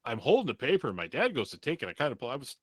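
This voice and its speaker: A man's voice: medium pitch, wildly swooping pitch, very fast, a bit bright, breathy edge, dry recording. A man on a podcast telling a rambling, profane story in a casual way, laughing now and then.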